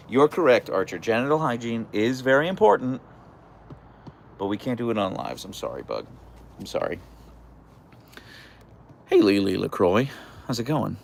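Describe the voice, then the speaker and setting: This young livestream host, broadcasting casually from an outdoor deck, is very animated with vocal fry, speaks at normal speed, and leaves long pauses. He chats, reads viewer comments, and coos at his dogs in a high voice, over a faint hiss or hum.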